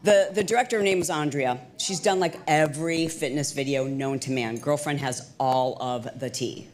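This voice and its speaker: A middle-aged woman entrepreneur telling stories as an interview guest, lively and chatty with lots of "like" and restarts. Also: low voice, normal speed. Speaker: guest, entrepreneur and fitness instructor. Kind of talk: casual storytelling interview.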